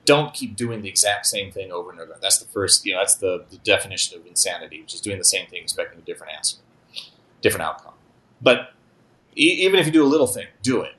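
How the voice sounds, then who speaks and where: A man's voice: low voice, animated, fast talker, a bit bright, rough recording. A man appearing as a podcast guest, speaking reflectively in casual chat and telling anecdotes. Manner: reflective, tells anecdotes with frequent restarts.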